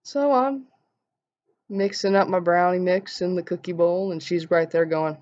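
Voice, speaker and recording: A young woman vlogger telling an animated story and acting out the quotes in voices. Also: mid-range voice, a little fast. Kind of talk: casual storytelling vlog. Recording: dull lo-fi sound.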